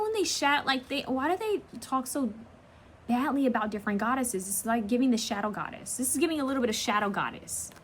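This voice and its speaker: A woman's voice: on the high side, fairly bright tone, slight background noise. A woman giving a casual pick-a-card tarot reading, chatty and rambling with slangy asides.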